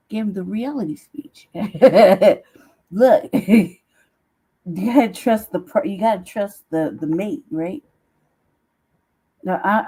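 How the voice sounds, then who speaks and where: A woman's voice: mid-range voice, warm tone, husky, low-quality recording. A woman chatting casually on her own stream, teasing, laughing often and swearing freely. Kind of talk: casual chat.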